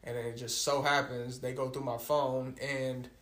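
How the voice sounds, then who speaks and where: A man's voice: medium pitch, flat delivery, a bit bright. A man with an ordinary mid-range voice speaks bluntly on a casual podcast. Nearly every sentence carries a curse as he drags out his stories. His voice bounces around an echoey room. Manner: blunt, heavily profane, drawn-out storytelling. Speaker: podcast co-host. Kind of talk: casual chat. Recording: roomy echo.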